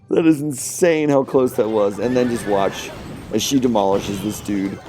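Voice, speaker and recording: Mellow-voiced man doing game commentary. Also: lowish voice, moderate pace, faint music behind. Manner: excited play-by-play, trailing off quietly. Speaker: gaming video host. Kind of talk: casual gameplay commentary.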